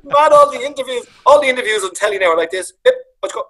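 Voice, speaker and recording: A Dublin man on a video call, telling lively anecdotes about his late father, acting out voices and swearing freely. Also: extremely high pitch, fast, slight background noise, rough recording. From Ireland. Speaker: comedian guest. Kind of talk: casual storytelling on a video call.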